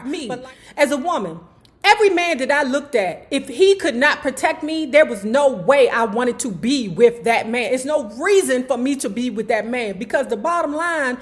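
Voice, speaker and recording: A woman with a high voice tells a story in a casual, chatty way. She talks with slang and profanity and acts out the quotes with energy. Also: animated, moderate pace. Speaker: YouTube storyteller.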